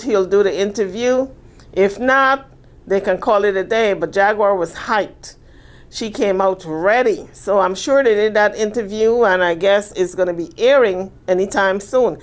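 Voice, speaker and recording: A woman hosting casual gossip commentary in a sassy, chatty way, often tossing in little "okay?" asides. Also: medium pitch.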